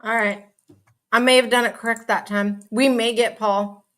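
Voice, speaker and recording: A woman's voice: a little high, steady tone, a bit bright. Bubbly hyper woman live-streaming. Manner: bubbly, hyper, talks fast with lots of asides and laughs. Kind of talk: casual live chat reading viewer comments. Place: home.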